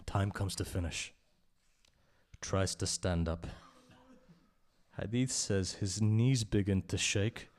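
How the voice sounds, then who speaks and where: At a mourning gathering in a religious centre hall, a man recites passionately and slowly, with long pauses. His voice swells to loud cries and drops low again, and he often puts direct questions to the listeners.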